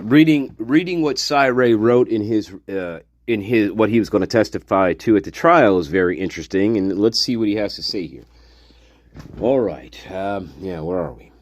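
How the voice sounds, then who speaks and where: A man's voice: lowish voice, animated, measured pace, no room sound, clean studio sound. A man hosting a livestream, chatting casually and rambling with jokes and asides as he sets up an interview clip. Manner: rambling and joking, many fillers and asides. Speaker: livestream host reacting to an interview.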